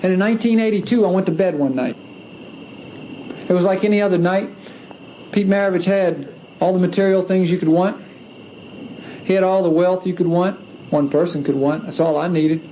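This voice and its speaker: A man's voice: high voice, normal speed, long pauses. Earnest man giving testimony, lo-fi archive. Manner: earnest, emphatic, repeats phrases for stress. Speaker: speaker giving a religious testimony. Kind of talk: personal testimony speech. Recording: dull lo-fi archive recording with faint hiss.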